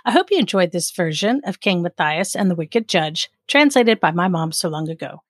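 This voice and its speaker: A woman storyteller reading a folk tale aloud with expressive narration. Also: fairly low pitch, normal speed, no echo, studio quality.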